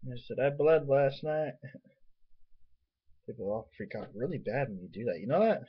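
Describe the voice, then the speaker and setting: A young man with a low, husky voice rambles offhandedly to his webcam at home, swearing as he goes. He is getting over a nosebleed, and the recording is dull and lo-fi. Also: big pitch swings, moderate pace. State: recovering from a nosebleed, tastes blood. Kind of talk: casual rambling vlog.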